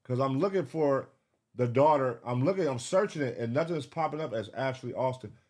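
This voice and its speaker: A man giving live reaction commentary, excitable, swearing and thinking aloud as he searches. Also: medium pitch, brisk. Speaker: reaction streamer.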